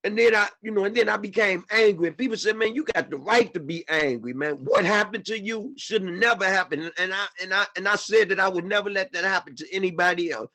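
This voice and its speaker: High, bright-voiced impassioned man. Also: fast talker, few pauses. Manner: impassioned, repeats himself, often says "man". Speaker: panel speaker. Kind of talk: emotional personal testimony.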